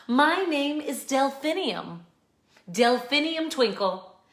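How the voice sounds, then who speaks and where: A woman voicing a gentle, encouraging female schoolteacher in a storybook reading, soft, slow and reassuring. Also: high voice, sing-song, voice pushed up, heavily acted. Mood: kind. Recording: echoey room.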